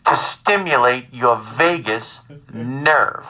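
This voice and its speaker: A man voicing an older mother who calmly and slowly insists, worried about her son. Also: mid-range voice, voice pushed down, natural voice, rough recording. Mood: calmly nagging. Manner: slow, deliberate, calmly insistent.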